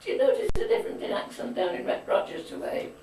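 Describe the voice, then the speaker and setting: Being interviewed, an older grandmother reminisces in quick, slightly mellow speech, chatty and full of firm opinions. The audio is echoey home video from a distant camcorder mic, with some faint background noise.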